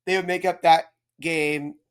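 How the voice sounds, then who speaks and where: A man's voice: on the high side, flat delivery, unhurried, clear, resonant tone. Rambling man explaining baseball rules. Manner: rambling, self-correcting, checks in with listeners. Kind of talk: casual explanatory chat.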